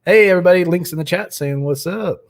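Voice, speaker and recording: A man's voice: sits high, fast talker, vocal fry. Friendly man hosting a recovery livestream. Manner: friendly, greets viewers by name. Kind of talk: casual livestream chat.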